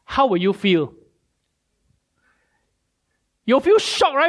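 A male preacher, giving a sermon with animated storytelling and many rhetorical questions. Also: high voice, unhurried.

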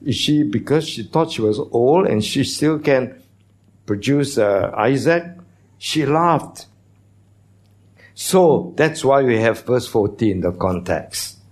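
A pastor preaching a sermon in a church, teaching in a conversational way and putting questions to the congregation. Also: male voice, medium pitch, lively intonation, takes it slowly, a little mellow.

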